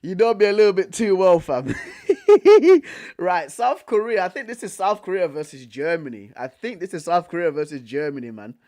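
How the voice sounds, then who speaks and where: A young man with a fairly high voice streams in a loose, chatty way. He piles on slang like "bro" and "fam," trips over his own words and repeats phrases as he reacts to his chat. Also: animated, brisk, hardly any pauses, a little mellow. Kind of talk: casual live commentary reacting to chat.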